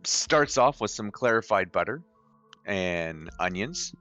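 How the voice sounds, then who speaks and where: A man putting on a hammy, mock-posh lady cooking-show host reading out a soup recipe. Under the put-on manner, the voice stays low and bright, with a faint bed of music playing behind it. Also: expressive, slow pace, dull audio.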